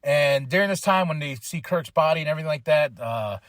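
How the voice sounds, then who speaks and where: Man, fairly high voice, dry close sound, slangy casual podcast host, rambling movie recap. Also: expressive, fairly quick, a bit bright, no room sound. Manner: slangy, rambling retelling with many fillers.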